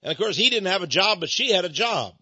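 Male radio talk host, high bright husky voice, indignant rants, dull lo-fi sound. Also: expressive, quick pace, dry recording. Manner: indignant ranting, swinging between hushed asides and loud outbursts. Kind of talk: opinionated radio commentary.

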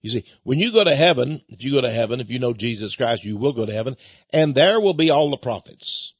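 A man's voice: mid-range voice, expressive, fast, husky, no room sound, muffled recording. An older man hosting a talk radio show, rambling in a folksy way with chuckling asides. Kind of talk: talk radio monologue with book pitch.

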